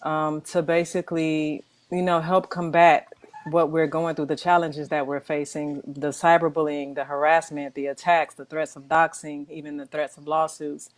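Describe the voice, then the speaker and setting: A woman appearing as a guest audio expert, speaking in a measured way with frequent pauses. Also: low voice, no echo. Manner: measured, with hesitations and fillers. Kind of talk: interview.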